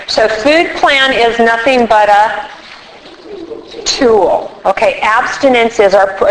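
A woman speaking casually at a recovery meeting, animated and acting out little quoted voices as she explains. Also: on the high side, low-quality recording. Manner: animated, acts out quotes with props. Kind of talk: casual workshop talk.

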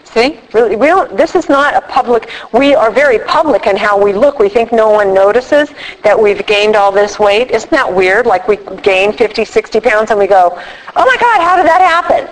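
A woman giving a lively, joking talk to a live group at a recovery meeting, chatty and loose with many restarts. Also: medium pitch, normal speed, hardly any pauses, poor audio. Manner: lively and joking, acting out her own voice in quotes.

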